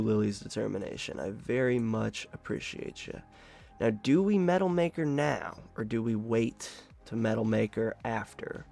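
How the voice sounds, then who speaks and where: A man's voice: mid-range voice, vocal fry. A young man giving casual live commentary while he plays a card game, talking to himself, swearing and laughing at his luck. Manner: animated self-talk, swears, laughs at his own luck. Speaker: card game content creator.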